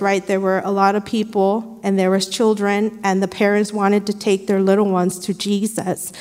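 A woman's voice: medium pitch, darkish tone, in a large hall. A woman sharing an earnest, conversational devotional with her church. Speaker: church speaker.

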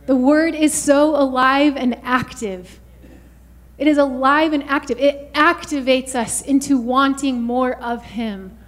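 A woman's voice: high voice, fairly even intonation, a little slow. A woman preaching a fervent sermon, often saying "you guys" and "hallelujah" to the congregation.

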